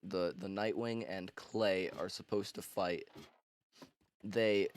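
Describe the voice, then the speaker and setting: Rambling slangy guy, lowish voice. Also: steady tone, slow pace. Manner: rambling, slangy and profane, with frequent fillers and restarts. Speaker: book summarizer. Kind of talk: casual comedic story recap.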